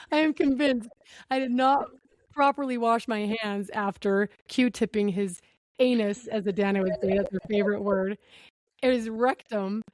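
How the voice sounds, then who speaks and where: In a casual podcast chat, a woman in her thirties tells a candid story, laughing a lot and acting out the dialogue. Her voice is a little high with a darkish tone, and there's slight background noise.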